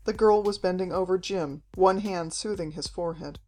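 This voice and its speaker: Woman audiobook narrator, steady reading, faint music underneath, brief. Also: on the low side, moderate pace. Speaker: audiobook reader. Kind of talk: scripted narration.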